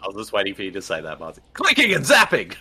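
Lively, bright-voiced man joking through a movie. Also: fairly low pitch, very fast, slightly rough. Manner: animated, jokey, laughs often. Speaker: podcast co-host. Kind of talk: casual movie commentary chat.

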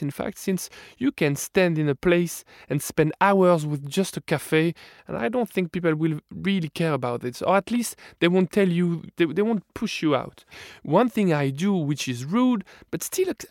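A man with a French accent talks cooking on a radio show, playful and quick to tease. His voice sits a touch high. The sound is close and dry. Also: no echo. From France. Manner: playful, animated, many restarts. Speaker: guest, cookbook author and video host. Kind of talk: casual radio interview.

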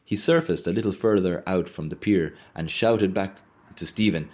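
A man reading a novel aloud with expressive storytelling. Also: deep voice, moderate pace. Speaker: reader.

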